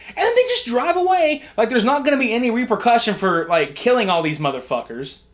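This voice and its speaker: A man co-hosting a podcast, retelling film scenes in a casual, profane, animated way. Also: very high-pitched, fairly quick. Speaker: podcast co-host. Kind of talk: casual movie review chat. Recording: early amateur mic setup.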